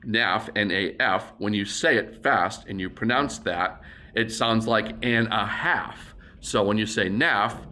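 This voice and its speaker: A man in middle age teaches how to call an auction, his voice bright and ringing. He moves between relaxed explanation and brisk, rhythmic bid chants that climb in pitch. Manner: explains plainly, then breaks into rapid auction bid chants. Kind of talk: instructional demonstration.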